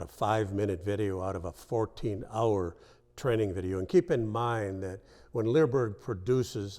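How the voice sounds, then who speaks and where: Man, low-pitched, introduces clip, advisory, repeats points. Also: a little mellow. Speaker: dog training video producer introducing a clip. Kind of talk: direct-to-camera introduction.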